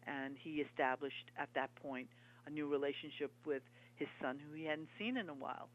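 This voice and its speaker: A woman interview guest and author, talking in an earnest, halting, reminiscing way. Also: low voice. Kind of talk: conversational interview. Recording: dull lo-fi broadcast audio.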